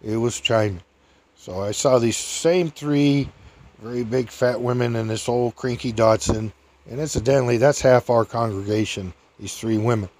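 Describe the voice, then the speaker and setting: An older man casually telling a rambling personal story, chuckling often and raising his voice high to act out other people's lines. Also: normal speed, darkish tone.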